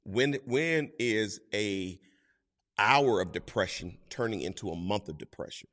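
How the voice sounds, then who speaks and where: A man with a somewhat low voice preaches in an easy, conversational way. He now and then acts out quoted voices as he tells his stories. A long reverb trails behind his words. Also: expressive, measured pace, fairly bright tone. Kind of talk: sermon.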